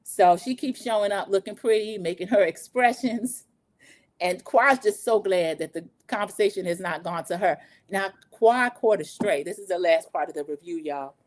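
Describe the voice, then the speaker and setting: A woman in her forties hosting a casual livestream recap, gossipy and animated, talking straight to her viewers. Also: mid-range voice, normal speed. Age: 40s. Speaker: show recap host.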